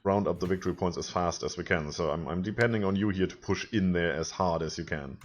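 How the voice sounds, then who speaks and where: A man's voice: low voice, fast, highs cut off. A man co-hosting a let's play, chatting casually and planning strategy aloud as he plays. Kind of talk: casual gameplay commentary.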